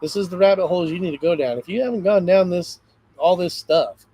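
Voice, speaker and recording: Male livestream host, slightly high voice, energetic and rambling, dry close sound. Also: fairly quick, breathy edge, no room sound, poor audio. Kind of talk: casual livestream chat.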